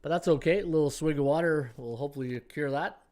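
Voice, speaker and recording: A man's voice: on the high side, fast talker, darkish tone. A middle-aged man hosting a sports betting podcast, reading odds and picks and chatting with his live viewers, his throat worn from talking. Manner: chatty, reads odds and picks, talks to chat. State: losing his voice, throat sore. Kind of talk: casual sports betting talk.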